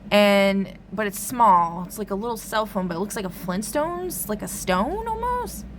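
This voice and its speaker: A woman rambles through a dream in a casual vlog, her voice sitting at a middle pitch. She fills her talk with "like" and swears freely. A faint hiss sits under the recording. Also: big pitch swings, moderate pace. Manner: rambling, lots of "like", frequent swearing. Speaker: tarot reader recounting a dream.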